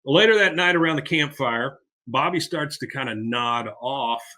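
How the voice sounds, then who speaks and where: A man co-hosting a podcast, retelling a cartoon episode scene by scene. He talks in a loose, animated way. His voice is bright and forward, with pitch in the middle range. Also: normal speed. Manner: animated, acts out quotes. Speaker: podcast co-host. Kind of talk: casual episode recap.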